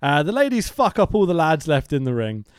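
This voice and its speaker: A man's voice: a little high, sing-song, brisk, smooth, no echo, clean studio sound. A man, co-hosting a casual wrestling review and reading from his notes. He swears often and laughs a lot. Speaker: podcast co-host.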